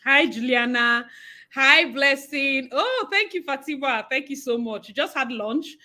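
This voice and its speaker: Nigerian woman on a livestream, high bright voice, chatty and laughing a lot. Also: measured pace. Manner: chatty, greets viewers by name, laughs often. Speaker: livestream host. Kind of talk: casual live-stream chat.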